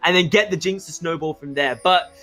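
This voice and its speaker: A man with an Australian accent giving excitable play-by-play commentary on a school esports match, shouting at the big plays. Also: a little high, a little fast, faint music behind. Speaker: esports caster.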